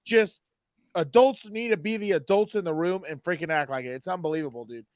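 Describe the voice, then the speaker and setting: A man chats on a sports podcast in a laid-back, joking way, often tossing in "dude." His voice is a touch high, and the recording is close and dry. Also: brisk, no echo. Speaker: podcast co-host. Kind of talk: casual sports podcast chat.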